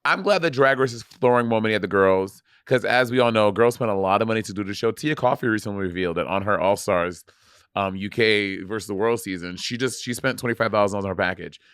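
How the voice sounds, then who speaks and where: A man co-hosting a podcast in casual chat, playful and quick to laugh. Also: lowish voice, a bit bright, smooth, no echo, studio quality. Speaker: podcast co-host.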